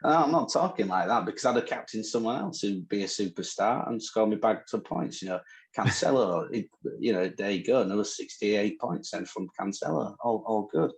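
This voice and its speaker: A man's voice: on the low side, animated, a little fast, creaky, low-quality recording. A man with a northern English accent, co-hosting a podcast in casual, teasing banter. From northern England. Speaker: podcast co-host. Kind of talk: casual chat.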